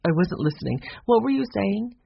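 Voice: mid-range voice, sing-song, fairly quick, vocal fry, a little hiss or hum, voice pushed up. A narrator doing a kindly old housekeeper. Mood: fretful. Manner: soft, fretful. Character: kindly older housekeeper, gentle and worried. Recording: dull lo-fi recording.

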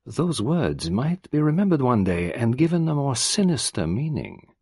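A man voicing an older male detective who muses quietly and precisely in a storybook reading. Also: mid-range voice, sing-song, normal speed, slightly rough, no room sound, clean studio sound, pitched above the performer's own voice. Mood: musing.

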